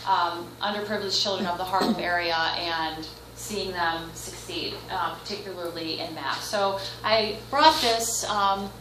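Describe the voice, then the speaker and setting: A woman's voice: on the low side, noisy background. A woman presenting at a teacher training session, hesitant with lots of fillers. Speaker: workshop presenter. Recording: echoey room from far off.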